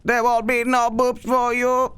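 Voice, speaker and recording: A man doing a high, slow beeping robot. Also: completely flat delivery, fairly bright tone, clear, resonant tone. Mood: mock robotic. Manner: slow, stiff robotic delivery. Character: silly beeping robot, male, deadpan.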